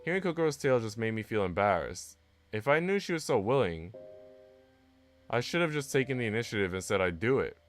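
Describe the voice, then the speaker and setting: A man streaming, reading a visual novel aloud in an animated way with asides. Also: on the low side, brisk. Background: faint game music.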